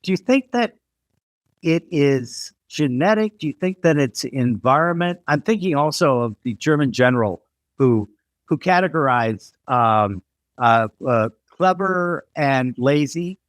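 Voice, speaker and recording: A man's voice: fairly high pitch, expressive, measured pace, no room sound, studio quality. An American man hosting a podcast interview, telling rambling stories with many restarts. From United States. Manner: rambling storyteller with frequent restarts. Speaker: podcast host. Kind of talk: casual interview conversation.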